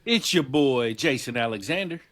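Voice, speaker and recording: A man co-hosting a podcast, chatting in a relaxed, laid-back way and dropping "man" into most sentences. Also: mid-range voice, moderate pace, dry recording. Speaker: podcast co-host. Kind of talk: casual chat.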